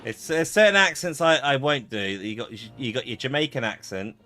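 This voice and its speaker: Bright-voiced man streaming a game. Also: mid-range voice, very animated, moderate pace. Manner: chatty, jokey, reacts aloud to the game. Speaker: gaming streamer. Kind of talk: casual gameplay commentary.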